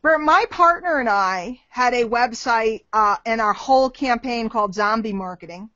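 A woman hosting a casual chat over a video call, lively and teasing with her guests. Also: on the high side, dry recording. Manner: lively, teasing, quick to laugh. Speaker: host taking questions. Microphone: webcam on a video call. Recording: dry, dull lo-fi web-call audio.

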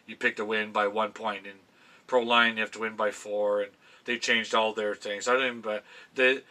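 Chatty man with a bright voice. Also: fairly low pitch, level tone, normal speed. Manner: chatty, self-interrupting, swears casually. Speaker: vlogger giving NFL picks. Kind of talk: casual rambling to camera. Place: home room with fan memorabilia.

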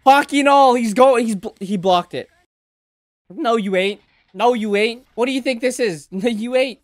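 A man reacting live to an anime episode, excitable and exclaiming, swearing in casual slang. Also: very high-pitched, normal speed, no room sound, clean studio sound.

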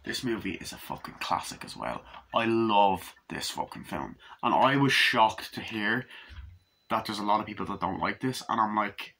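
A man reviewing a film in a casual, excited way, swearing often and acting out quoted lines, with a husky voice. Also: fairly low pitch, normal speed. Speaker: movie reviewer.

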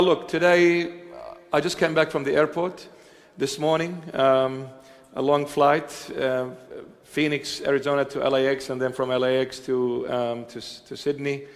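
Halting preacher man in an echoing hall. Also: medium pitch. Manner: halting, many fillers, joking with congregation. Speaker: church bishop preaching. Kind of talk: sermon with question and answer. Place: church hall with congregation. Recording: long reverb of a large hall.

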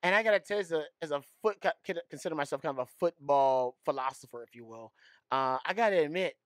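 A man from Houston co-hosting a sports podcast, talking in a playful, animated way and spinning jokes. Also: on the high side, fast talker, clear, resonant tone, dry recording. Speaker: podcast co-host. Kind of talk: casual sports talk. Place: studio.

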